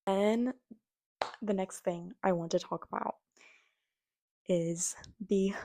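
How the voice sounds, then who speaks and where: Young female vlogger, mellow voice, casual exasperated rant delivery. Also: medium pitch, slow pace. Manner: animated, exasperated, mocks others in quoted voices. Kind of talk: casual opinion rant to camera.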